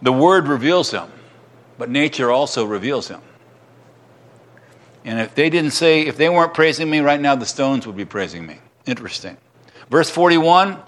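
A man's voice: fairly high pitch, fairly bright tone. A middle-aged man preaching a sermon as pastor in a church, acting out crowd cries and restarting his sentences.

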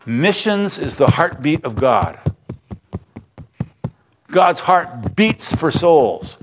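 A male pastor preaching a sermon, telling Bible stories with lively acted-out lines and closing in earnest prayer. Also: fairly high pitch, drawn-out words, slight background noise. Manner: animated storytelling, acting out voices, then quiet earnest prayer.

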